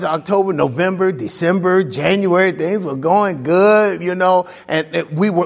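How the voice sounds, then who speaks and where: A man preaching a sermon, telling a story with animated swings from loud highs to hushed lows. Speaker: pastor. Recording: long hall reverb.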